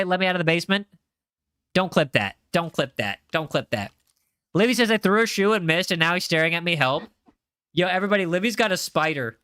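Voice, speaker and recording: Young male streamer, playful teasing chat, bright high voice, dry close mic. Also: dry recording. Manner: playful, teasing, repeats himself for comic effect. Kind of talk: casual live-stream chat while gaming.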